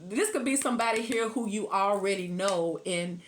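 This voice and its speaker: A woman's voice: mid-range voice, moderate pace, a little hiss or hum. A middle-aged woman giving a casual tarot reading to camera, chatty, laughing often and sometimes breaking into song. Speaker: tarot reader.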